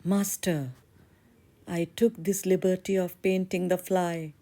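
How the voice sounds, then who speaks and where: Woman doing a humble soft-spoken young blacksmith. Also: on the low side, steady tone, slow. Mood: apologetic. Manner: soft, apologetic.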